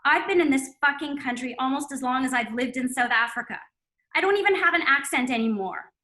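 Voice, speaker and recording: A woman reading the lines of a brusque, foul-mouthed male IT guy in her own bright voice. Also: sits high, fairly quick. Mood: irritated. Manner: profane, brusque retorts. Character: gruff sarcastic male IT guy.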